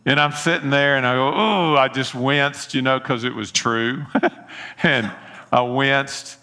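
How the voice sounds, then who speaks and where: A man's voice: medium pitch, flat delivery, a little slow, bright, forceful tone. A middle-aged man, preaching a sermon and telling folksy personal stories with earnest appeals. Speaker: pastor.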